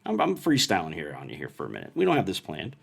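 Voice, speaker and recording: A man's voice: deep voice, wildly swooping pitch, fast talker, creaky, slightly rough. Joking man co-hosting a podcast. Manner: joking, reads listener messages aloud. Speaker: podcast co-host. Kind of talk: casual podcast chat. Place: home playroom.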